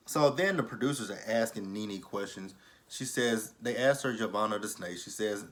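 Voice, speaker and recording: A young man giving a casual, opinionated recap of a reality show episode, swearing freely and acting out the cast's quotes with big swings in his voice. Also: fairly quick. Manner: animated, profane, re-enacts quotes with swings in pitch.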